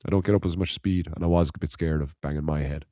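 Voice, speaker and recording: A man's voice: rumbling low, steady tone, rapid-fire, warm tone, no echo, clean studio sound. A man from Ireland, a podcast co-host, telling a rambling anecdote in casual chat, laughing and swearing as he goes.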